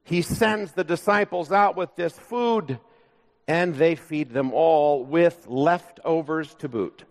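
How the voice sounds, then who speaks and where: A male pastor preaching a sermon in a church, speaking in a measured, conversational way with light humor. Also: a little high. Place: church sanctuary. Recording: long reverb of a large church.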